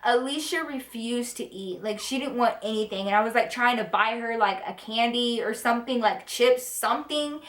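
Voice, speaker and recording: A young woman telling a casual storytime, chatty and animated with lots of swearing. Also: a little high, moderate pace, few pauses. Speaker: vlogger. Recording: echoey room.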